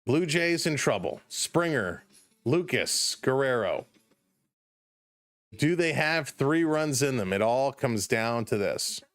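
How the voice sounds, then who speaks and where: A Toronto man with a Canadian accent hosts a live baseball stream, giving casual play-by-play and answering chat, greeting viewers by name and shifting between calm and excited. He's tired and up past his bedtime from the late game. His voice is medium-pitched and slow, recorded dry with soft background music.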